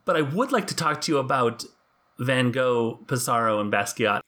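A man's voice: medium pitch, lively intonation, normal speed, bright, forceful tone. A man co-hosting a casual podcast, talking in a wry, joking way and laughing often. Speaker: podcast co-host. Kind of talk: casual chat.

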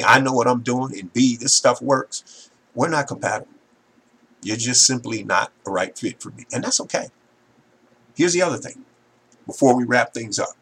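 A man's voice: mid-range voice, fairly bright tone, slightly rough. A man hosting a solo business podcast, talking to listeners in an emphatic, repetitive, salesman-like way. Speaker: podcast host.

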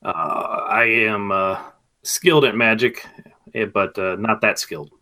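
A man's voice: on the low side, a little slow, pushed and bright. A man playing his character in a tabletop game, hesitant and full of fillers, with a wry edge. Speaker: player.

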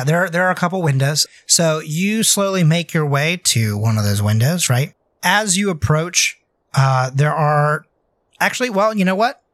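Brief: male game master, slightly high voice, hesitant casual narration, dry close sound. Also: dry recording. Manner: loose, hesitant, many fillers.

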